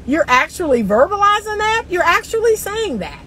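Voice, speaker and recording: A woman's voice: extremely high pitch, big pitch swings, moderate pace, sharp tone, slight background noise, poor audio. A woman relationship coach talking straight to her viewers in a casual, emphatic way, laughing often, recorded in a car. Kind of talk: casual advice monologue.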